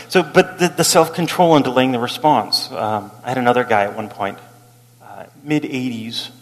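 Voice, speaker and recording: Storytelling pastor in a reverberant hall. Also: male voice, medium pitch. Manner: animated, acts out quotes, laughs while telling. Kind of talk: storytelling sermon.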